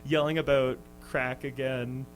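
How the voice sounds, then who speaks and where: A man's voice: mid-range voice, level tone, a little slow, soft background music, poor audio. A young man, a touring musician, telling a story on a radio show with lots of ums and restarts. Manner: hesitant, full of ums and restarts, laughing often. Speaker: touring band musician, guest. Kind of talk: casual storytelling in an interview. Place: radio studio.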